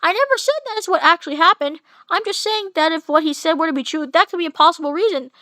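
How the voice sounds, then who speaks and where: A woman's voice: very high voice, fast, bright, forceful tone, dry recording. A woman reading as a nervous, pleading hero. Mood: defensive. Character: frightened male hero pleading with villain. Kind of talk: amateur fanfic reading.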